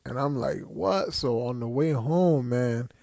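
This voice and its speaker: A man's voice: medium pitch, unhurried, warm tone, dry recording. Laid-back male podcast co-host, New Jersey accent, mid-range voice, close dry mic. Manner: laid-back, slangy and chatty. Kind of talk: casual chat.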